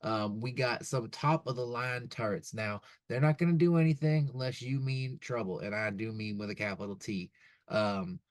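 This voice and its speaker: A man's voice: medium pitch, fairly even intonation, normal speed, no echo, natural voice. Casting: blunt slangy casino bouncer, drawling threats, man voicing, dry sound. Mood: warning. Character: gruff male casino doorman, folksy and blunt.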